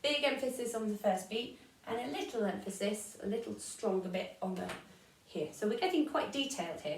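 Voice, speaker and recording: A woman's voice: mid-range voice, expressive, a little fast, recorded from a distance, slight background noise. A woman with an English accent teaching a string class, explaining beats and counting the rhythm aloud. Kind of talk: online music lesson. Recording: echoey room, voice from off-mic. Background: violin playing.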